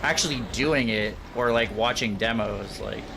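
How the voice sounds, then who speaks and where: A man's voice: medium pitch, moderate pace, gravelly, background noise. A man chatting casually with guests while playing a shooter on stream, swearing freely as he goes.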